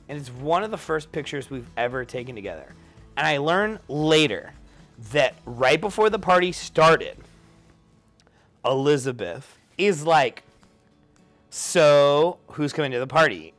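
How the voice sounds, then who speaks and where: A drunk young man telling a rambling story, jumping into loud high-pitched quotes. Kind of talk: tipsy rambling anecdote.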